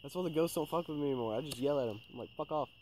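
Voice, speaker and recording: Male co-host, rapid rambling delivery, mellow tone, faint noise and crickets behind. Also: a little high, poor audio. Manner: fast, rambling, filler-heavy and swearing. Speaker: podcast co-host. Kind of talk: casual storytelling chat.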